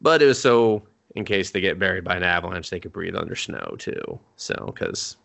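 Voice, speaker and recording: A young man casually recapping an anime film, rambling and profane, and acting out characters in quick asides. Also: low-pitched, vocal fry, fairly bright tone. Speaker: podcast co-host.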